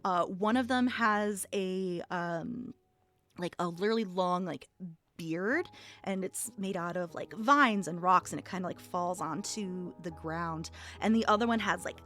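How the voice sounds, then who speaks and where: A woman's voice: fairly low pitch, measured pace, faint music behind. Woman narrating as game master. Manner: relaxed, descriptive, many fillers.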